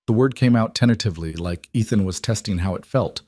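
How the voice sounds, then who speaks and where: Low-voiced male narrator, measured scripted reading, dry studio sound. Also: a little mellow, dry recording.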